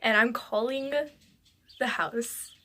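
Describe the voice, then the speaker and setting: A woman's voice: fairly high pitch, fairly even intonation, slow pace, bright, forceful tone. Woman telling a dramatic storytime. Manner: rambling, breathless retelling with many "I'm like" asides. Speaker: vlogger. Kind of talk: storytime vlog narration.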